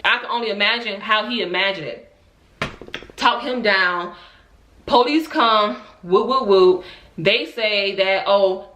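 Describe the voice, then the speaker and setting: A young woman telling a story in a casual vlog, lively and animated, acting out quoted lines and laughing often. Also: mid-range voice, reverberant. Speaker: vlogger.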